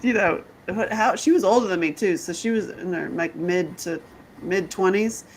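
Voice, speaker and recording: A woman's voice: on the low side, moderate pace, a little hiss or hum. A woman from North Carolina hosting a podcast, telling candid, bawdy stories in casual chat and laughing often. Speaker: podcast host.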